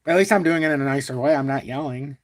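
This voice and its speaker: On a crypto live stream, a male host gives market commentary, talking at length and bluntly while reading viewers' super chats aloud. Even when annoyed he stays calm and even-toned, speaking rapid-fire in a mid-range voice over a dry, studio-quality recording.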